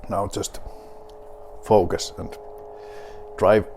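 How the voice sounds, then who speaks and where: A man with a Finnish accent plays a rally game while he drinks beer, and he keeps up a wry, mock-grand commentary to himself. His voice sits fairly low and he talks slowly. There is a faint hiss under the voice. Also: flat delivery, gravelly, a little mellow. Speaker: gaming video host.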